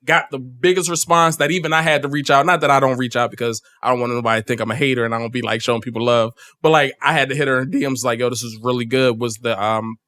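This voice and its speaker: A male podcast host talks in a loose, rambling way and laughs a lot. His voice sits at a middle pitch and is recorded dry and close in a studio. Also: steady tone, quick pace, hardly any pauses, pushed and bright, no echo. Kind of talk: casual podcast chat.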